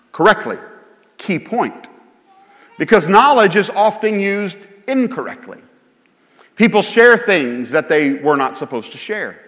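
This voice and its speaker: A man's voice: on the high side, a bit bright. A man preaching a sermon as pastor, conversational and joking at his own expense. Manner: conversational preaching with self-deprecating humor. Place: church sanctuary. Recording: long hall reverb.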